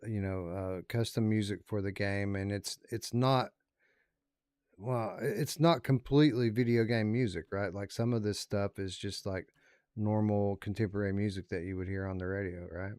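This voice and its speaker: A man co-hosting a casual game review podcast, with a low, smooth, clear voice. He talks haltingly, with many fillers and restarts. The sound is dry and close, with no room echo. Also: fairly even intonation, a little mellow. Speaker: podcast co-host.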